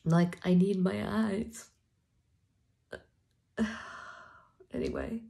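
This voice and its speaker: Crying woman vlogging, slow and halting, keeps dropping to a whisper, low gravelly voice. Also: wildly swooping pitch, warm tone. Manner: halting, tearful, often drops to a whisper. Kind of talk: personal video diary.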